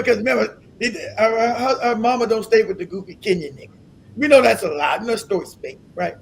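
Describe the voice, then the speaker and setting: This is a man running his own live stream, talking in a high, gravelly voice. He rants with animated disbelief and swears casually. Bursts of laughter break up the commentary. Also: slight background noise. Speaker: livestream host.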